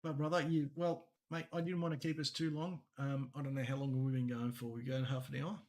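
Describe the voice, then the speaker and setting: In a laid-back podcast chat, a male co-host with an Australian accent talks fairly quickly in a mid-range, darkish voice with flat delivery. He's a rambling storyteller who laughs often.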